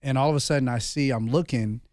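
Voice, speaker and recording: A man's voice: medium pitch, quick pace, a little mellow, no room sound. Earnest man, dry close sound. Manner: earnest, confessional storytelling peppered with "bro". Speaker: podcast host and former pastor. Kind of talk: candid conversation.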